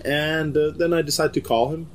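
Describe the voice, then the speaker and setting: A man from Finland, telling a story in casual conversation, measured and hesitant. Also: a little high, steady tone. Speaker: magician guest. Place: backyard at night.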